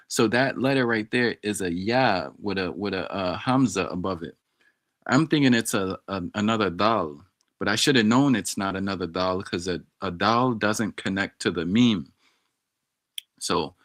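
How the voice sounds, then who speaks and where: A man's voice: fairly low pitch, normal speed, fairly bright tone. A man chatting casually on a live stream, thinking aloud and sounding out words as he studies, talking straight to his viewers. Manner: talks directly to viewers in chat. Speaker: streamer studying Arabic.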